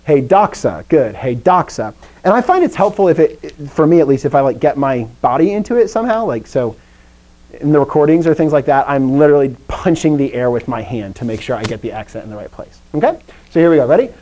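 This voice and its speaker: Young adult man, Greek teacher, upbeat and joking, slightly high voice, classroom drills. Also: very animated, fast talker, warm tone, low-quality recording. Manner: upbeat, joking, self-deprecating, drills vocabulary aloud. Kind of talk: classroom lesson with call-and-response drills.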